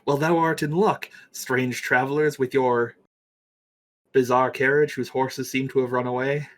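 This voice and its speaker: A man playing a courtly servant to a medieval king, in a tabletop game. He speaks in a formal, old-fashioned way at a middling pitch. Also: fairly even intonation, measured pace, natural voice. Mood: courteous. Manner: mock-archaic formal speech.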